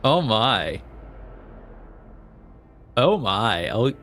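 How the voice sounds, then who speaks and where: Speaking extremely slowly yet very animated, this male streamer has a medium pitch and a fairly bright tone, with soft music underneath. He reads the game's text aloud and comments loosely, piling on fillers and false starts. His goofy fake accents keep flopping, and he laughs along at himself.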